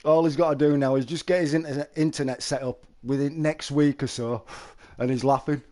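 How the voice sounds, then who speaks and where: A man's voice: a little high, fairly even intonation, brisk, dark tone. A middle-aged man, chatting casually to viewers on a live stream and telling stories. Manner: chatty, storytelling, calls listeners mate.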